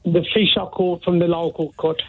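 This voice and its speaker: A man's voice: on the high side, flat delivery, moderate pace, no echo. A middle-aged man, from India, calling a radio show from his chip shop and chatting cheekily, tagging his points with "right?" and "yeah?". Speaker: caller. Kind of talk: phone-in call. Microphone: phone. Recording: tinny phone line.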